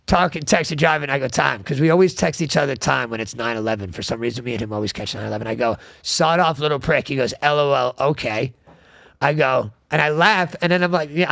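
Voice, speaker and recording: A man hosting a casual podcast, telling animated stories and swearing freely. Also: a little high, vocal fry, no room sound, clean studio sound. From South Florida. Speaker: podcast host.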